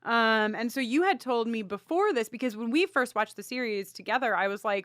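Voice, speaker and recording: A woman from Long Island co-hosts a rewatch podcast. She talks in a loose, rambling way, with ums and quick restarts. Her voice is smooth and clear, and the recording is close and dry. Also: fairly high pitch, fairly bright tone, dry recording. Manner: chatty, self-interrupting, with frequent ums. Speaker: podcast co-host. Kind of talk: casual chat.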